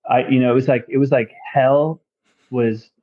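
A man who works as a tattoo artist, a guest on a podcast, telling his story in a casual, halting way with many fillers and restarts. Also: mid-range voice, fairly even intonation, dull audio. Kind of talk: casual conversational testimony.

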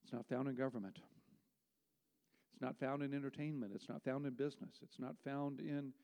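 A man's voice: medium pitch, steady tone, brisk, darkish tone. A man preaching a sermon as pastor, emphatic and rhetorical, reading scripture aloud. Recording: long hall reverb.

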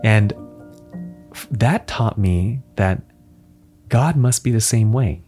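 Low-voiced man telling a family story. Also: takes it slowly, over music. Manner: warm anecdotal, chuckling, playful voices for his kids. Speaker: podcast co-host. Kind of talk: casual podcast storytelling.

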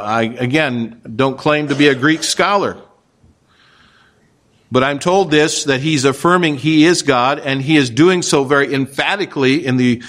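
A man delivering a verse-by-verse sermon, his voice sitting a little higher than most men's. He speaks in a measured, emphatic way, stressing key phrases and slipping in the odd dry aside. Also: a bit bright. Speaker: pastor. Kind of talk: expository sermon.

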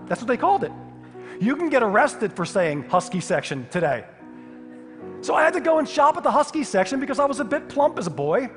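Male pastor, lively comic storytelling sermon, reverberant hall, faint music behind. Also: extremely high pitch, brisk. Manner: animated, humorous storytelling with sudden loud outbursts.

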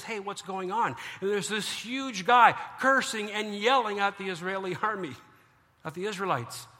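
High, bright-voiced preaching man. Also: in a large hall. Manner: animated, joking, acts out biblical figures. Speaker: pastor. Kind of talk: sermon.

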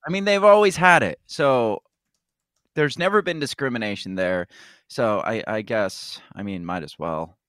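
A man's voice: medium pitch, normal speed, a bit bright, smooth, no room sound, clean studio sound. A man co-hosting a casual news podcast, blunt and sarcastic in his quips. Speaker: podcast co-host. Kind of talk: casual news commentary chat.

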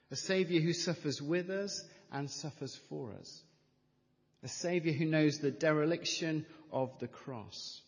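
A middle-aged male pastor preaches a sermon at an unhurried pace. His delivery is measured and emphatic, leaning on repeated phrases. The voice carries a long reverberant tail from a church hall. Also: on the high side.

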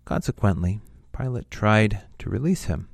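Low-voiced man reading scripture. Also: vocal fry, no room sound. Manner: measured, steady reading. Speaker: scripture reader. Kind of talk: reading a Gospel passage aloud.

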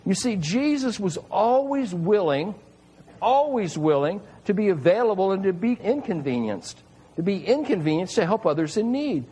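A man's voice: sits high, very animated, normal speed, warm tone, breathy edge, rough recording. A man preaching a sermon, retelling scripture in an earnest, emphatic way with repeated phrases. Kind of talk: sermon reading and explaining scripture.

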